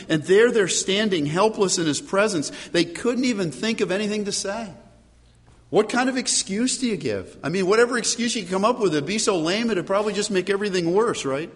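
A middle-aged man preaches in a church, his voice a touch higher than most men's. He tells his stories with animation and little chuckles, often repeating a word as he goes. A long reverb trails every phrase. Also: a bit bright. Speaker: pastor. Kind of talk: sermon with personal storytelling.

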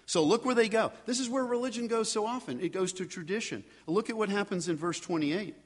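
A man preaching a sermon in a relaxed, conversational way, now and then acting out the voices of the people in the story. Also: sits high, fairly quick. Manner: conversational, animated, acts out voices of biblical figures. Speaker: pastor. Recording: long hall reverb.

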